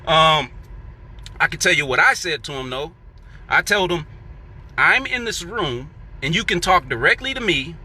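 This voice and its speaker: A man's voice: on the high side, pushed and bright, slightly rough. A man telling a heated workplace story in casual, profane monologue, acting out what he and others said. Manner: profane, heated, acts out quoted coworkers.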